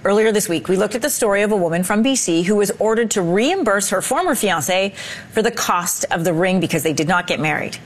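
A woman hosting a morning news segment, reading clear scripted lines. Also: medium pitch, expressive, a little fast. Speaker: morning show host.

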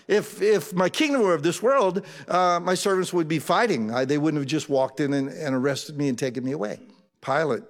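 A male preacher, giving a sermon and retelling scripture in plain, conversational words. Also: fairly high pitch. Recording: long hall reverb.

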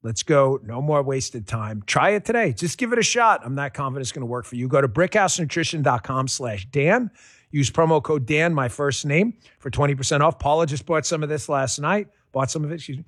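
A man's voice: mid-range voice, no echo, clean studio sound. A man reading a personal testimonial ad on the radio in a folksy, enthusiastic, conversational way.

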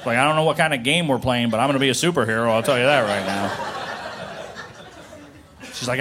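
A man's voice: mid-range voice, fast, pauses often, noisy background. A man doing a stand-up comedy set in a dry, understated way.

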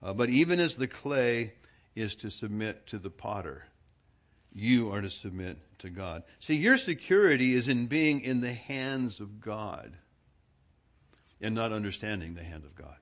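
Male pastor, bright voice, conversational preacher who pokes fun at himself. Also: mid-range voice, expressive, measured pace. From Southern California. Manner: conversational storyteller, self-mocking humor. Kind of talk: sermon with humorous personal anecdotes.

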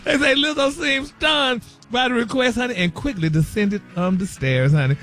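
A man's voice: very high-pitched, normal speed, a bit bright. A man delivering a sassy celebrity gossip segment on a radio morning show, calling everyone honey and baby and laughing often. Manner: flamboyant, sassy, laughs a lot, calls people honey and baby.

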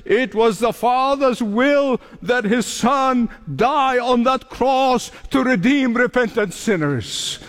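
High-voiced man preaching in a reverberant hall. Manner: preaching, emphatic repetitions, dramatic pauses. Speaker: pastor. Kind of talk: sermon. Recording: long reverb of a large hall.

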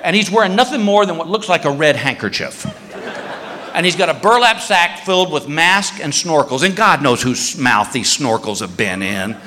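A man's voice: a little high, big pitch swings, moderate pace, pushed and bright, slight background noise. A man doing stand-up storytelling on stage, acting out his own shrieks and the voices of the people around him. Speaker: stand-up comedian. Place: large hall on stage. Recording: echoey hall reverb.

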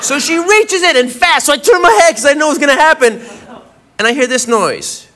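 A man doing a stand-up routine, telling a rambling self-mocking story and acting out the loud bits. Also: very high-pitched, sing-song, a little fast. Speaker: stand-up comedian. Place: comedy club stage. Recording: live club with audience laughter and noise. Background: audience laughing.

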